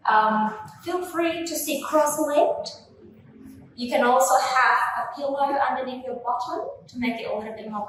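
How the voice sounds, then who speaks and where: A young woman leading a gentle Pilates workout with slow, soothing cues, filmed on a camera from across the room. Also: high-pitched, slight background noise. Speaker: Pilates instructor. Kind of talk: guided workout instruction. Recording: echoey room, voice from a distance.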